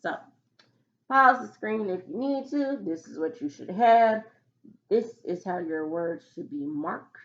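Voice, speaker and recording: A woman's voice: medium pitch, expressive, highs cut off. A woman teacher giving a recorded phonics lesson, dictating words patiently and explaining spelling rules. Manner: slow, patient dictation with example sentences.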